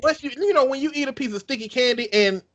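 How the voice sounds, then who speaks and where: A man's voice: extremely high pitch, fast talker, a bit bright. A man hosting a podcast in casual chat, laid-back and joking, often laughing. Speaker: podcast host.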